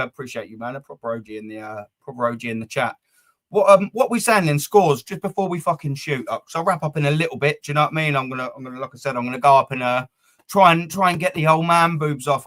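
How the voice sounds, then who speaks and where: Rambling man, slightly high voice. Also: fairly bright tone. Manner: rambling, swears freely, chats to viewers. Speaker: football fan channel host. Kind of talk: casual live-stream chat.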